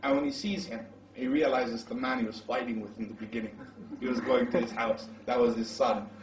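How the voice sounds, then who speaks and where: A man's voice: mid-range voice, fairly even intonation, a little fast. A man lecturing as a preacher, telling a story dramatically and shifting his volume for effect. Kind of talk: storytelling sermon. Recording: echoey room, mic at distance.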